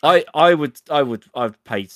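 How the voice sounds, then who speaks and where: A man co-hosting a podcast in relaxed, reflective casual chat. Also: fairly high pitch, moderate pace, dry recording, studio quality. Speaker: podcast co-host.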